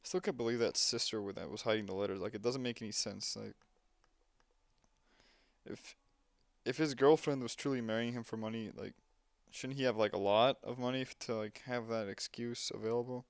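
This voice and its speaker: A man's voice: medium pitch, fairly even intonation, moderate pace, vocal fry, dry recording. A young man casually commenting while playing a game, chatty and rambling with lots of fillers. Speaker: gameplay commentator.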